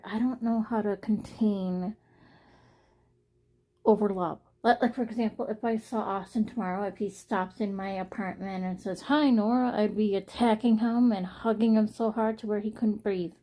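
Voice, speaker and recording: A woman's voice: mid-range voice, fairly even intonation, moderate pace, dark tone. A young woman talking casually to her viewers in a personal vlog, rambling and earnest, often repeating herself. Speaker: vlogger.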